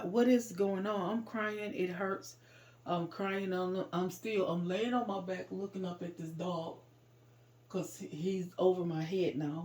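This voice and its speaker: Woman telling a raw personal story. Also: lowish voice. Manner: raw and emotional, loud when reliving moments; informal, vernacular speech.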